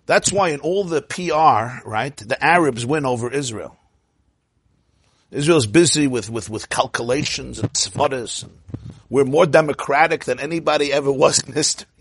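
A man giving a lively storytelling talk, laughing often and shouting out his punchlines, with Yiddish and Hebrew phrases mixed in. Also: mid-range voice, normal speed, slightly rough, no room sound. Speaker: Torah speaker.

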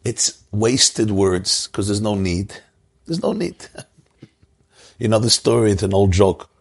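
A man's voice: lowish voice, expressive, takes it slowly, vocal fry, breathy edge. A man teaching a Torah lecture, a rabbi who tells stories, chuckles often and repeats his key phrases.

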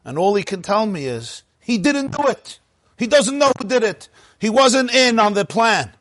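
A man voicing an indignant, blustering father in a spoken joke, in raised, high-pitched outrage. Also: sing-song, a little fast, fairly bright tone, no room sound. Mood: furious.

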